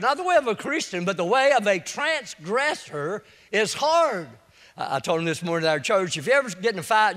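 A man's voice: high voice, a bit bright, long reverb tail. A man preaching a sermon, telling folksy stories and rising to emphatic declarations in a church.

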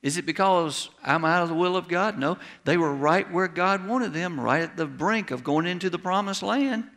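A middle-aged pastor preaches a sermon in a homespun, storytelling way, now and then building to emphatic cries. His voice sits a little high with a gravelly grain. It rings out with the long reverb of a church hall. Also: sharp tone. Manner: folksy storytelling, rising to emphatic exclamations.

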